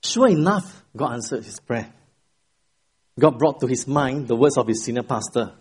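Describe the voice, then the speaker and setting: A middle-aged male pastor preaching a Sunday sermon in a church, telling stories and praying, with emphatic rises and quiet drops. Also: medium pitch, moderate pace, husky. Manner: expressive storytelling, rising for emphasis, then dropping quiet. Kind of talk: sermon with an opening joke and prayer. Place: church sanctuary at the pulpit.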